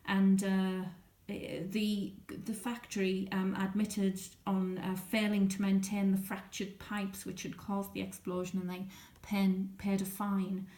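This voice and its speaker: A woman's voice: medium pitch, darkish tone, echoey room. A woman chatting casually and wryly, explaining a stitched diary with lots of ums and uhs. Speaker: textile artist explaining her stitched diary.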